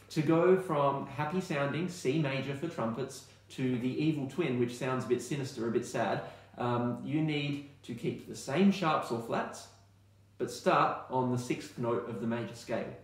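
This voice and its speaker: Australian man, music teacher, relaxed and chatty, mid-pitched voice, very echoey room. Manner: relaxed and chatty, sings scale notes to demonstrate. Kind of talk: recorded online music lesson.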